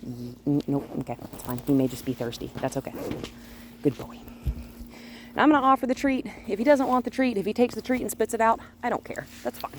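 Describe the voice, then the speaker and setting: A woman working as a dog trainer, calmly explaining her methods during a hands-on outdoor session and often breaking off to praise the dog. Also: mid-range voice, a little fast, slight background noise. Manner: calm and explanatory, with frequent cheerful praise for the dog. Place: outdoors near a gate with a noisy HVAC unit.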